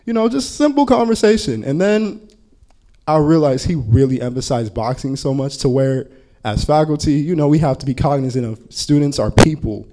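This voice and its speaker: A man's voice: a little high, moderate pace, mellow. A man who teaches college counseling tells a story at a panel talk in a casual way, full of "like" fillers. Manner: casual, heavy use of filler "like".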